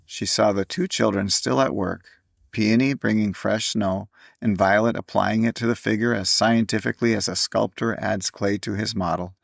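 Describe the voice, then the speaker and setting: A man reading a classic story aloud in measured audiobook narration. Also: fairly low pitch, fairly even intonation, gravelly, dry recording, clean studio sound.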